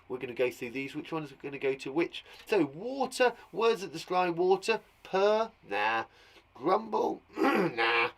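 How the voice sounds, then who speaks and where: A man's voice: fairly high pitch, fairly bright tone. Playful British male teacher. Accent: British English. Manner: playful and encouraging, acts out sound words with gasps and laughs. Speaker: primary school teacher. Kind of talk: live online lesson for young children. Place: garden shed classroom.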